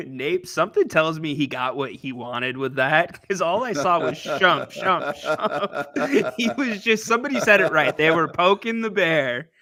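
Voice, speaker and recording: A male co-host chimes in, laughing between comments. His voice is bright and fairly high, and his pitch swings a lot. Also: animated, unhurried. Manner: giggling, amused. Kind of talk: excited live-stream banter.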